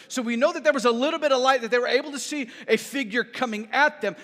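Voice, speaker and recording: A man preaching a sermon as a pastor, telling his story with lively repeats and a habit of asking "right?". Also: very high-pitched. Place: church sanctuary. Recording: reverberant church hall.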